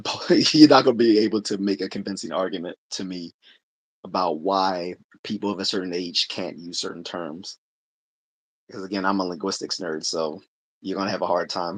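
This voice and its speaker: Husky-voiced man chatting on a livestream. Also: sits low, fairly bright tone, no echo. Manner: conversational, laughs often, many restarts. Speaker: livestream host answering chat. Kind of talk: casual livestream chat.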